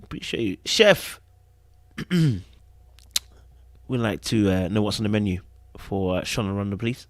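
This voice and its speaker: A man's voice: lowish voice, expressive, a little slow, long pauses, dry recording. Podcast host man, dry sound. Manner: brief acknowledgements, handing off turns. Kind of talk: moderating a panel.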